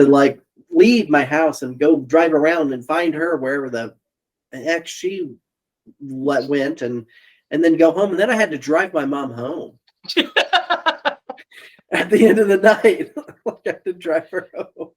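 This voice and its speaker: A man's voice: on the high side, a little slow. A man co-hosting a podcast over a remote call, telling a family story in casual chat and laughing often. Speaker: podcast co-host. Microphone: remote call mic.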